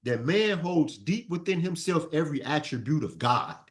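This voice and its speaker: Animated man teaching a Sunday class. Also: fairly high pitch, normal speed. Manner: animated, call-and-response, repeats phrases. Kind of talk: preaching lesson to a class.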